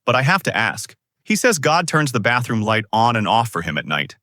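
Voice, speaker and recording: A man voicing a friendly male family doctor who sounds warm and curious. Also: medium pitch, big pitch swings, moderate pace, no room sound, studio quality.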